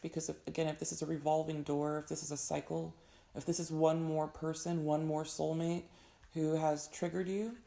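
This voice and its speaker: A young woman with a hoarse voice giving an earnest, advising tarot reading in casual talk. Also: low voice, dark tone. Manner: earnest, advising, frequent fillers. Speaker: tarot reader.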